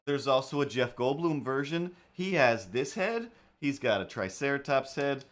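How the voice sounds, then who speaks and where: A man hosts a live stream while he draws, rambling casually between tasks. He mutters playful asides to himself and hums little nonsense sounds. His voice sits at an ordinary middle pitch. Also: sing-song, normal speed. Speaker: live-stream artist host.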